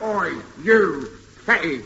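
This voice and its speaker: An actor playing a gruff escaped male convict with a Cockney accent, in vintage radio comedy. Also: high voice, expressive, takes it slowly, full character voice. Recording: dull lo-fi old radio recording with loud hiss.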